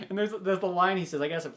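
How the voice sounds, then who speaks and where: A man co-hosting a casual film podcast, rambling with lots of "like" fillers and frequent laughs. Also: sits high. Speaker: podcast co-host. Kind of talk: casual chat about films.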